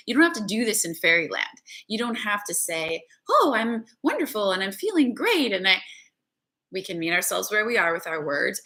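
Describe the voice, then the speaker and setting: A woman's voice: on the low side, bright, forceful tone. A woman spiritual coach giving an earnest, conversational motivational talk and often checking in with "right?".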